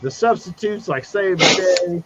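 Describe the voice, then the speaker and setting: A man on a livestream video call recapping a comic book in a profane, animated way, slipping into mocking voices for the characters. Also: high-pitched, unhurried. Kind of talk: casual livestream chat. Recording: dull lo-fi stream audio with noise.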